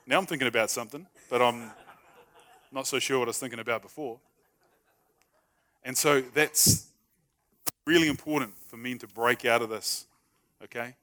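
A man's voice: mid-range voice, steady tone, moderate pace, long pauses, pushed and bright. A man preaching a sermon in a conversational, humorous way, acting out short everyday dialogues. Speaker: pastor.

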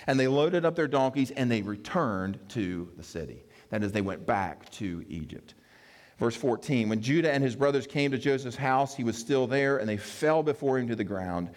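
Male preacher, animated storytelling sermon, echoing church hall. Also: mid-range voice. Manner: storytelling, acts out quoted characters with playful asides. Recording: long reverb of a hall.

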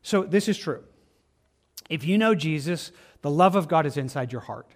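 An American man, a pastor, preaching a conversational sermon and acting out people's excuses in quick little voices. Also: on the high side, lively intonation.

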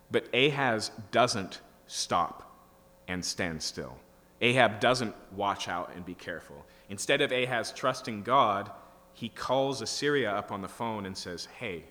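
A man's voice: on the low side, bright, forceful tone. Man preaching in a reverberant hall. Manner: teaching, rising to emphatic bursts. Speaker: pastor. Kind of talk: expository sermon. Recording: reverberant hall with faint hum.

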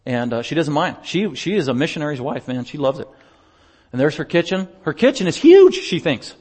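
A male pastor chatting through a slideshow report during a church service, telling stories in an animated way and laughing often. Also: on the high side, brisk, husky. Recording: long reverb of a large hall.

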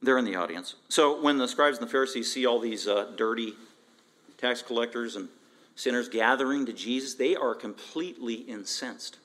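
A man preaching an expository sermon as pastor, emphatic and animated, repeating phrases and asking rhetorical questions. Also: mid-range voice, moderate pace. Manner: emphatic, animated, with frequent repetition.

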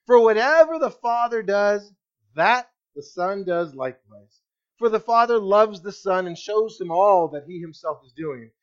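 A male pastor preaching a sermon, slowing down and dropping his voice low to land key words. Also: muffled recording. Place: church.

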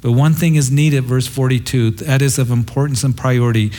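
A man's voice: medium pitch, steady tone, a little fast, warm tone. A middle-aged man preaching a sermon as a pastor, earnest and reflective, quoting scripture in a tender way.

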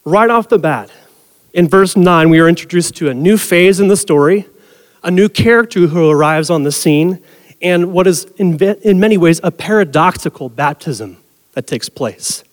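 A man's voice: high-pitched, normal speed. A man preaching a sermon as pastor in a conversational way, asking the congregation for a show of hands. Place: church sanctuary. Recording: long reverb of a large hall.

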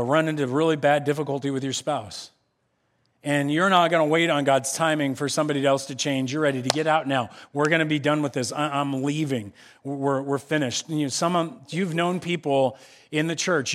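Animated high-voiced male preacher. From United States. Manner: animated, acts out quoted voices. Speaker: pastor. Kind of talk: sermon.

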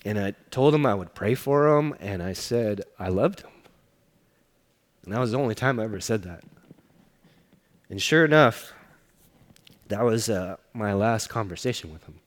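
A man preaching a sermon, telling a personal story earnestly and often dropping to a hushed voice. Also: on the low side, animated, moderate pace, long pauses. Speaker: pastor. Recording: long reverb of a large hall.

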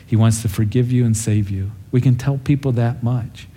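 Mellow-voiced male pastor teaching. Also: mid-range voice, normal speed, breathy edge. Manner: storytelling, acts out the characters with a raised voice; earnest and conversational. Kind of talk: verse-by-verse Bible teaching.

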